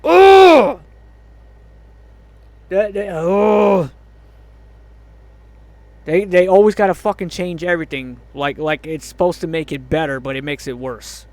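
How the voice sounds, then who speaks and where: A man's voice: on the high side, fairly quick, few pauses, darkish tone, dry recording. A man ranting angrily about a movie, swearing a lot, groaning in exasperation and laughing in disbelief. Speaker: movie reviewer. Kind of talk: angry movie review rant.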